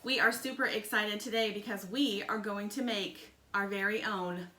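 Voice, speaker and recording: A woman's voice: medium pitch, fairly even intonation, normal speed, pushed and bright. A woman in her thirties, a mother, giving cheerful, patient step-by-step instructions to kids while cooking at home. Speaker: mother hosting a kids' science video. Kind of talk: casual instructional chat to kids. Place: home kitchen. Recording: echoey kitchen with clear background noise.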